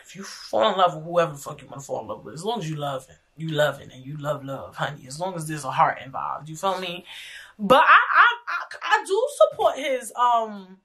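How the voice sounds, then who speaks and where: A woman's voice: medium pitch, bright, forceful tone. A young woman hosting a casual talk, telling stories frankly with profanity and lots of repetition. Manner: frank, profane, chatty, repeats herself. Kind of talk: casual storytelling chat.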